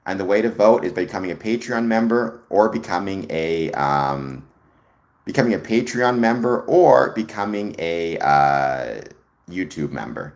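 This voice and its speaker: A man's voice: sits low, lively intonation, measured pace. A man from Canada, hosting a casual livestream, musing aloud and greeting viewers in chat with frequent ums. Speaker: livestream host.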